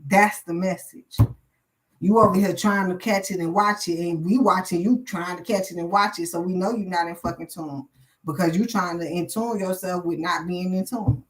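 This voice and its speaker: A woman's voice: on the low side, fairly even intonation, moderate pace, poor audio. Blunt, profane woman tarot reader. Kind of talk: live tarot reading.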